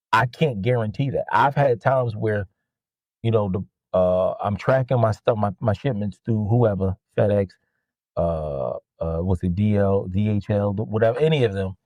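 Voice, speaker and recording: A man with a somewhat low voice rants casually about his customers, swearing freely and jumping up in pitch when he mimics them. The sound is dry and close, with no room around it. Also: moderate pace, no echo, poor audio. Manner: animated, profane, mimics customers in a higher voice. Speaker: podcast host and jersey seller. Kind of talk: casual storytelling rant.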